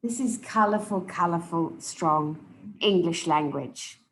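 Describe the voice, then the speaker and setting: A woman coaching public speakers live, emphatic and deliberate, often repeating key words for stress. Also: fairly low pitch, roomy sound, slight background noise, low-quality recording. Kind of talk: live speech evaluation to an audience.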